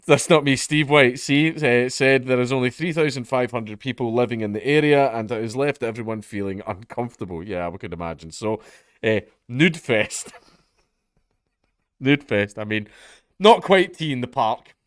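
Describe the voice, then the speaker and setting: A man's voice: medium pitch, moderate pace, smooth, dry recording. Sardonic Scottish man, dry close mic. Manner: sardonic, swears freely, laughs at his own jokes. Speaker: commentary vlogger. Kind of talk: casual comedic news commentary.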